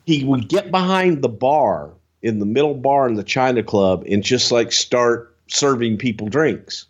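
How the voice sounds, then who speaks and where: Animated storytelling man, lively pitch. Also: unhurried, dull audio. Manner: animated, swears freely, jumps into high-pitched impressions and singing. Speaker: podcast co-host telling stories. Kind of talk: casual storytelling with impressions.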